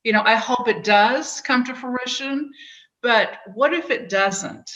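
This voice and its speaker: A woman guest in an interview, speaking in a slow, halting way with many pauses and restarts. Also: a little high, fairly bright tone, muffled recording. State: tearful, voice breaking. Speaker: podcast guest. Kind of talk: emotional interview conversation.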